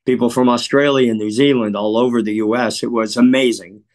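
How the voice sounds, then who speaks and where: A man from Chicago, a guest in an interview, telling stories in a measured, earnest way and often clearing his throat. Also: medium pitch, steady tone. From Chicago, USA. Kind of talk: reflective interview storytelling.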